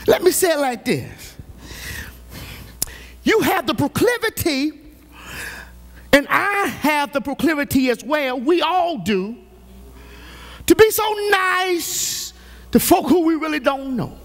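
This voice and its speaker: Male pastor, high lively voice, slow deliberate preaching with shouted peaks. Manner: preaching with shouted rises and playful teasing of the congregation. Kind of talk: sermon. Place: church sanctuary.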